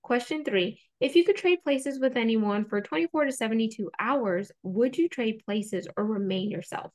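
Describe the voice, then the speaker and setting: An upbeat woman hosts a podcast interview. Her voice sits a little high, and she plays host like a game show, bright and playful. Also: moderate pace.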